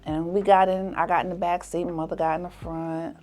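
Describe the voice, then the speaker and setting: A woman hosting a podcast tells a personal story in a lively way, acting out the people in it with laughter. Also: lowish voice, fairly quick. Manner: animated, acts out the people in her story with laughs. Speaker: podcast host.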